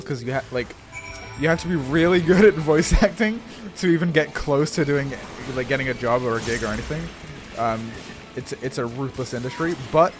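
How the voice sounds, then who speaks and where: A young man streaming a game, chatting casually, swearing, laughing and stumbling over words. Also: medium pitch. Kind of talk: live game stream chat. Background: faint game music.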